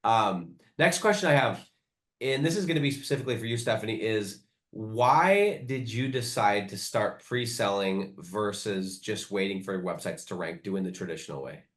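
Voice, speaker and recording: A man with a fairly low voice hosts an interview and asks questions in a relaxed, encouraging way. His voice carries a clear room echo. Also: moderate pace. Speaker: host. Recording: echoey room.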